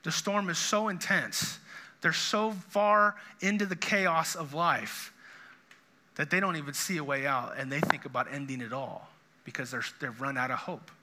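A man's voice: on the high side, normal speed, sharp tone, slight background noise. A middle-aged man, a pastor, preaching a sermon in an earnest, conversational way with frequent restarts.

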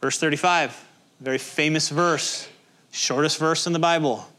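A man's voice: on the high side, steady tone, normal speed, sharp tone. A male pastor preaching a sermon in a conversational, emphatic way, with many rhetorical questions.

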